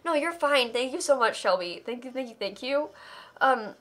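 A young woman on a live charity stream reads out donations and pours out heartfelt thanks. Her voice sits a little high and sounds crisp and bright. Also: expressive, normal speed. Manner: effusive, emotional thanks.

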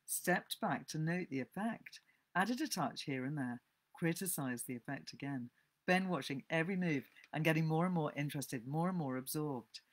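A woman reading a novel aloud for her book channel and adding her own remarks. Her lowish voice moves through lively, animated swings as she tells the story, expressive and engaged. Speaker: book vlogger.

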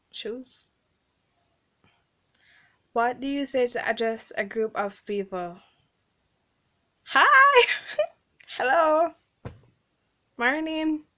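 A young Caribbean woman talks into her phone for a casual vlog, her Caribbean English accent clear in every word. She takes her time, speaking at an unhurried, easy pace. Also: medium pitch. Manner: chatty, reads word lists aloud. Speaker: vlogger.

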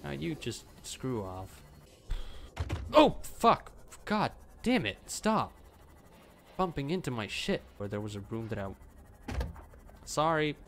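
Jumpy, cursing game streamer with a lively voice. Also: a little slow, gravelly, pauses often, a little hiss or hum. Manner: jumpy, swears constantly; voice jumps to squeaky highs when startled. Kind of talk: live gameplay reaction.

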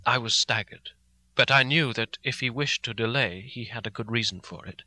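A man narrating a classic novel audiobook in an expressive, dramatic reading. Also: medium pitch, moderate pace, dry recording. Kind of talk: scripted narration.

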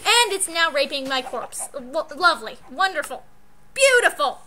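High, lively woman yelling at a game. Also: moderate pace. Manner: excitable, yells and swears at the game. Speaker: let's play co-host. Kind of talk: gaming commentary. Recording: loud background hiss.

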